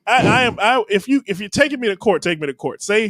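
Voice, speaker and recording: A man's voice: sits high, animated, quick pace, fairly bright tone, dry recording. A man co-hosting a comedy podcast in brash, rambling casual chat. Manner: brash and rambling, with a Southern 'y'all'. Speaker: podcast co-host.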